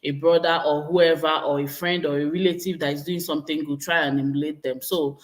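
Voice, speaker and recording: A woman's voice: low-pitched, steady tone, a little fast. A woman with a Nigerian accent hosts her own livestream, talking casually and energetically to her viewers. She exclaims often and answers comments as she reads them. She sounds like she is in her thirties. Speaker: vlogger hosting a livestream.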